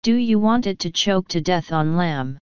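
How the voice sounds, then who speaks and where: A woman's voice: on the low side, animated, moderate pace, darkish tone, clear, resonant tone, no echo, muffled recording, natural voice. A woman reading the part of a disliked male bailiff who mocks. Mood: mocking. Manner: mocking.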